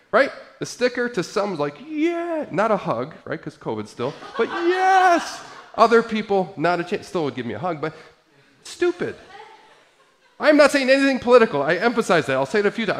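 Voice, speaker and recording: A middle-aged man preaching a sermon as pastor, swinging from quiet asides to loud, emphatic passages. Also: fairly high pitch.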